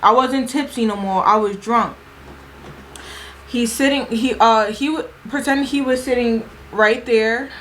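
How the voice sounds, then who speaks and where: Her pitch sits on the high side and she keeps a measured pace as she animatedly recounts a party in a casual, slangy vlog, voicing people's quotes. A faint hiss or hum runs under this low-quality recording.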